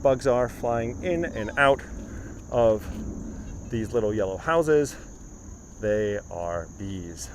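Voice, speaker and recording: A man's voice: lowish voice, animated, slow pace, long pauses. A man guiding a live-streamed garden walking tour outdoors, chatting casually and reading viewer comments aloud. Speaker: tour guide. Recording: outdoor live stream with clear background noise.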